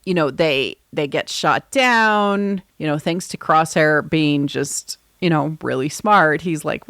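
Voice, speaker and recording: Woman host with a low voice, chatty and enthusiastic; dry, close podcast mic. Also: lively intonation, measured pace, few pauses, fairly bright tone, no room sound. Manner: rambling, enthusiastic recaps with many fillers. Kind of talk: casual chat.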